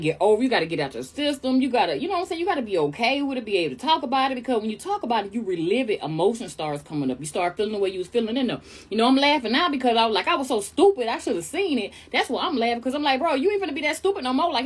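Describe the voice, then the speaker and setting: A young woman from New York telling a chatty storytime tale, animated and calling listeners honey. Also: fairly high pitch, racing, slightly rough. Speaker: storyteller vlogger. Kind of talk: casual storytime monologue.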